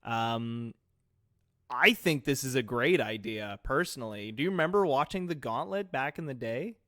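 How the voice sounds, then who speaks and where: A young man with a middle-pitched voice co-hosts a gaming podcast, recorded close and dry with almost no room sound. He keeps an easygoing, joking tone and often trips over the first word of a sentence before settling in. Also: lively intonation, moderate pace, fairly bright tone, no room sound. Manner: laid-back and joking, stammers on starts. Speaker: podcast co-host. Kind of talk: casual esports podcast chat.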